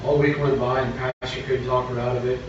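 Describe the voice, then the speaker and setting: A man's voice: medium pitch, level tone, quick pace, slight background noise. Preacher, male, storytelling sermon, echoey and distant. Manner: plain storytelling, rising to fervent preaching. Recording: echoey church from far off, dull.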